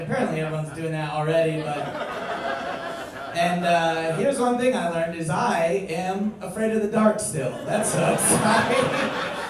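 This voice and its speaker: Young adult male comic, high voice, profane ranting stand-up, recorded from far off with a laughing crowd. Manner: profane, ranting, builds to loud indignant outbursts. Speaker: stand-up comedian. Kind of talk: stand-up set. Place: comedy club stage. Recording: echoey room, far from mic, crowd laughing.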